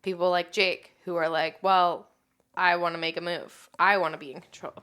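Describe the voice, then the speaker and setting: A woman co-hosting a casual podcast, talking in an easy, lively way full of "like." She acts out how people react as she tells the story. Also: on the low side, normal speed, clean tone. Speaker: podcast co-host. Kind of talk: casual recap chat.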